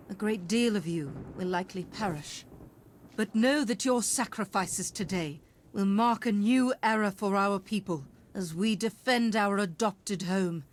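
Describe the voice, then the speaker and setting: A woman's voice: mid-range voice, close to an everyday voice. A woman voicing a regal queen of living corn who gives a grand, commanding speech.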